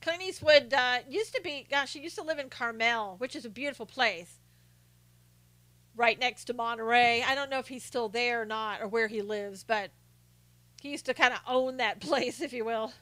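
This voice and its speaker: A woman's voice: on the high side, normal speed, dry recording. A woman hosting a live stream in casual chat, telling stories with frequent laughs and greeting viewers by name as she answers their comments. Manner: animated storyteller with frequent laughs.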